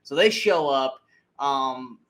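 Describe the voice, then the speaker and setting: A man's voice: mid-range voice, lively intonation, slow pace, a bit bright. A man co-hosting a casual bad-movie review show, rambling with many restarts and fillers. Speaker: podcast co-host.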